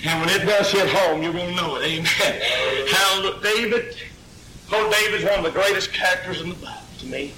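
High, bright-voiced preacher. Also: male voice, fairly quick, echoey room, a little hiss or hum, rough recording. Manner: exclaiming, storytelling. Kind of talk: Pentecostal sermon. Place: church.

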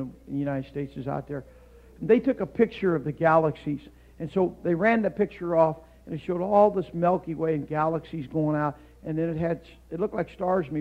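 A guest preacher, a male missionary, gives a Pentecostal sermon in a church sanctuary with a fairly high, gravelly voice on a muffled recording. He builds to shouts, then shifts into calm storytelling, sprinkling "amen" and "hallelujah" into every pause.

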